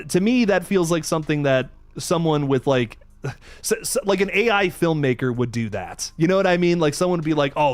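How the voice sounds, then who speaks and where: A man's voice: a little high, dry recording. A young man hosting a live movie review stream, frustrated and rambling, stammering through restarts and swearing as he reads out donations.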